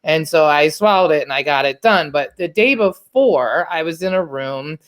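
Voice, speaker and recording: A woman's voice: deep voice, expressive, normal speed. A woman in her thirties from the Washington, D.C. area, a podcast host telling a personal story in a candid, chatty way, with plenty of fillers and casual swearing.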